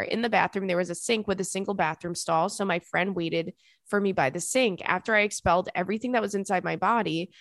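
A young woman hosting a podcast, reading listener emails aloud and reacting with sassy, animated commentary. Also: medium pitch, no echo. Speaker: podcast host.

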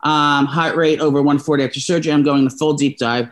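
A man's voice: fairly high pitch, steady tone, fast. A young man in casual chat, telling a personal story in a rambling, emotional way with many restarts. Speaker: podcast co-host telling a story.

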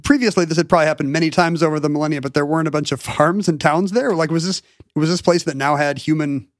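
A man co-hosting a podcast who fires off jokes and questions at a brisk clip. His voice sits a little high for a man. The sound is dry and close, with no room around it. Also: steady tone, dry recording. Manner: quick joking interjections, playful asides. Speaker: podcast co-host. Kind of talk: casual banter.

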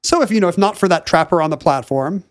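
A man co-hosting a podcast, riffing quickly and wryly in casual chat. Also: high voice, lively intonation, dry recording, clean studio sound. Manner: quick, wry, talkative riffing. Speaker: podcast co-host.

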